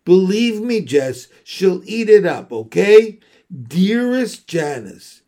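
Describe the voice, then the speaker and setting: Brief: man voicing a bold schoolgirl ringleader in a storybook reading, eager and insistent, unhurried. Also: high voice, very animated, dark tone, pitched above the performer's own voice, exaggerated voice. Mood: bossy, eager. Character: bossy clever young girl, bold and inventive.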